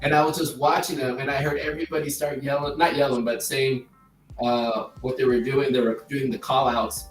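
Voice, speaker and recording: A man chatting casually as a guest, earnest and halting, often repeating words as he starts his sentences. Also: mid-range voice, flat delivery, faint music behind. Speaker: guest, group member. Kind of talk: casual chat. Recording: roomy sound from far off the mic.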